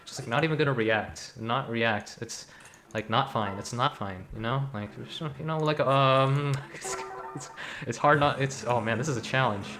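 Young male streamer, joking banter, filler-heavy, mid pitch, faint music under. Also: normal speed, fairly bright tone. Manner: joking, rambling, many fillers, slangy. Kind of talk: casual gacha stream commentary.

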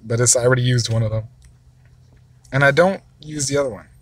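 A father giving gameplay commentary, excitable, wailing and shouting whenever a battle goes badly. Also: mid-range voice, a little fast, husky. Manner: excitable, wails and shouts over losses. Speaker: father, mobile gamer.

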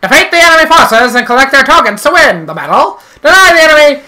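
A man's voice: extremely high pitch, big pitch swings, fast talker, bright, forceful tone, voice pushed up, heavily acted. A man putting on a formal, proclamatory old-timey male game announcer voice. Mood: announcing.

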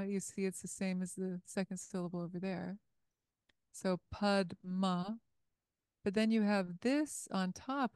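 A woman's voice: mid-range voice, a little mellow, clear, resonant tone, no echo, clean studio sound. A woman teaching a meditation class over a video call, patiently explaining things step by step.

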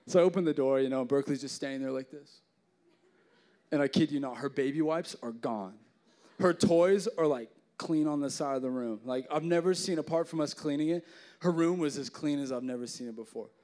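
Fast-talking and fairly high-pitched, a young man serving as youth pastor delivers a youth sermon. He jokes, tells animated stories, and leans heavily on casual filler words.

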